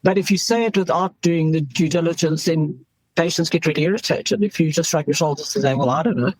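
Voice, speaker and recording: A woman's voice: low voice, a little fast, a little mellow, dry recording, poor audio. A woman in her fifties, an emergency doctor, speaking frankly in an interview and acting out what people say. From South Africa. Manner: frank, acts out quoted voices. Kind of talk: candid interview talk.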